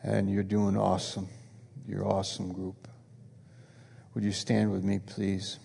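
Low-voiced male pastor, earnest and pleading, big echoey church room. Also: completely flat delivery, unhurried, gravelly, dark tone, a little hiss or hum. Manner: repetitive, pleading, earnest preaching. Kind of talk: sermon with altar call and announcements. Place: church auditorium with congregation.

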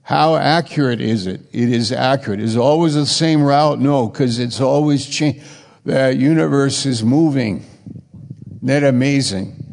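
A man preaching a sermon, slow and halting, with emphatic rising bursts. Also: medium pitch, vocal fry, darkish tone. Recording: reverberant hall.

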